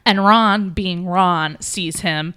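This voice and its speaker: A woman with a somewhat low voice retells a story in a quick, animated rush, full of fillers. It sounds like a casual podcast chat among friends. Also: smooth. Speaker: podcast host.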